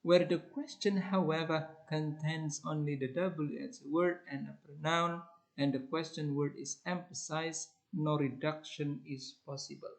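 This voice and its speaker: A man reading a grammar lesson aloud as an English teacher, in a measured, deliberate way. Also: fairly high pitch, steady tone, gravelly, rough recording.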